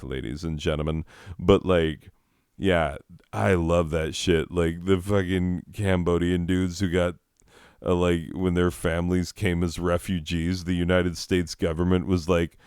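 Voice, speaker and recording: A man's voice: deep voice, flat delivery, unhurried, darkish tone, clean tone, no echo, clean studio sound. A man telling a rambling, profane story in casual podcast chat, chuckling and meandering as he goes. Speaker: comedy podcast host.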